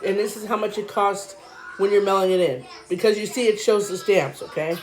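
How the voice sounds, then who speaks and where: A woman vlogger explaining a money program in casual talk, reading figures quickly with chatty asides to viewers, a little out of breath. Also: mid-range voice, over music.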